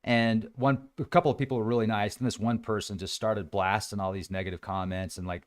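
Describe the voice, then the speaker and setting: A man hosting a casual livestream, talking in an animated way and acting out other people's voices now and then. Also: fairly low pitch, fairly quick, few pauses. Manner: animated, acts out quoted voices. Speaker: host.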